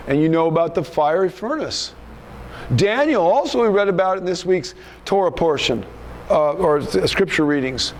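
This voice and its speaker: A man's voice: high-pitched, lively intonation, moderate pace, slight background noise. A male pastor preaching a sermon in an emphatic, rebuking manner, often repeating himself.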